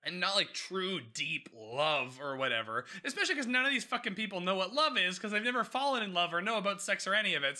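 A man hosting a podcast, chatting casually through a TV episode recap, animated and swearing freely as he acts out the characters' lines. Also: sits high. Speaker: podcast host.

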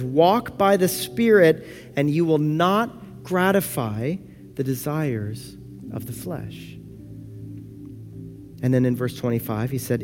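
A man preaching a sermon as pastor, earnest, moving between soft slow passages and lively, louder ones. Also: medium pitch. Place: church sanctuary.

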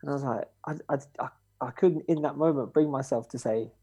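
A man's voice: medium pitch, fairly even intonation, a little fast, hardly any pauses, warm tone, breathy edge, dry recording. A young man telling a story in casual chat, acting out quoted voices with swearing and laughter.

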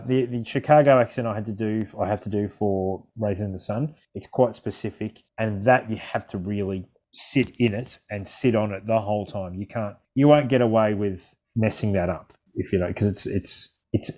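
A man, a stage actor, chatting in a relaxed podcast interview, often laughing and restarting his sentences. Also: on the low side.

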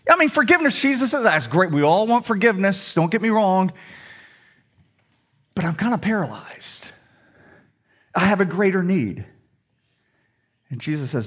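A man's voice: sits high, sing-song, moderate pace, long pauses, a bit bright. A middle-aged male pastor preaching a sermon in a humorous, conversational storytelling way.

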